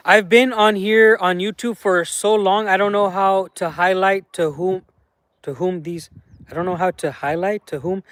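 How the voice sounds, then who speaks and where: Livestream host, high male voice, loose rambling chat, close dry sound. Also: normal speed, dry recording. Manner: relaxed, rambling, many fillers.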